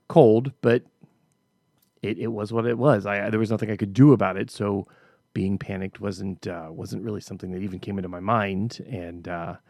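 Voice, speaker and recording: A middle-aged man talks through a personal story in a relaxed, reflective way, often restarting his sentences. His voice has a gravelly, creaky edge. The recording is close and dry, with no room sound. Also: fairly low pitch, no room sound. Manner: conversational storytelling with frequent restarts. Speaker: podcast host. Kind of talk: casual reflective monologue.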